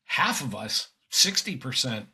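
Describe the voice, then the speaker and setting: Older American male guest, emphatic and earnest, bright and slightly husky tone. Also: mid-range voice, very animated, a little slow. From United States. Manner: earnest, emphatic, with frequent restarts and fillers. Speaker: guest commentator. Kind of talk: conversational podcast interview.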